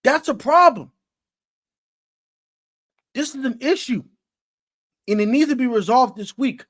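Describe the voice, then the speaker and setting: His voice is very high-pitched with lively intonation, and he keeps a measured pace while ranting casually about football. This sports commentator uses slang, repeats himself for emphasis, and gets steadily louder.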